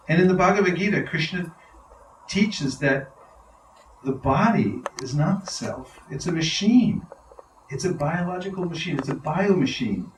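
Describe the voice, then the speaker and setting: A man with a fairly high, unhurried voice delivers an enthusiastic devotional talk to a live audience, laughing often as he tells stories in an animated way. A slight hiss or hum sits under the audio. He's a spiritual teacher in a large, roomy hall, caught by a distant mic.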